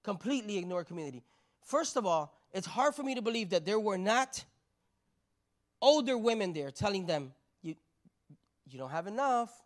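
A woman's voice: medium pitch, animated, normal speed. A woman preacher giving a sermon in a conversational way, with rhetorical repeated questions and a habit of asking "right?".

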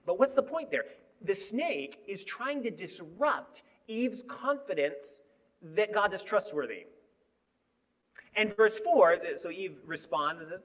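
A high-voiced man delivers a sermon with a lively, swooping pitch. He moves from emphatic bursts to hushed, low asides as he talks to the congregation. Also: takes it slowly. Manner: animated, shifting between emphatic and hushed. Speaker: preacher.

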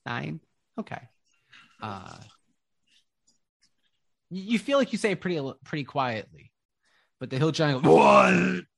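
A man narrating a tabletop game as game master, describing scenes slowly with lots of fillers. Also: on the high side, sing-song, vocal fry. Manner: slow, descriptive, rambling with fillers.

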